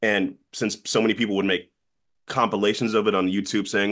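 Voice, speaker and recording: Fast-talking young man, casual chat. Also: fairly low pitch, little pitch movement, a bit bright. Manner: rambling, lots of fillers and restarts. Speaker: podcast guest, voice actor.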